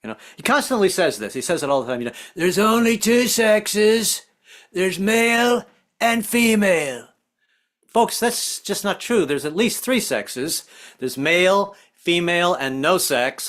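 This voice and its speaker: A man's voice: fairly high pitch, a bit bright. A man doing a stand-up comedy set, stammering and restarting often and slipping into put-on voices. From American South. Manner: stammering, self-interrupting delivery with frequent put-on voices.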